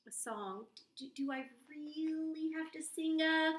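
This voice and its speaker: A woman's voice: high-pitched, a little slow, hardly any pauses, reverberant. A woman reading a children's book aloud in a playful, silly, exaggerated voice. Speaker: storybook reader for children.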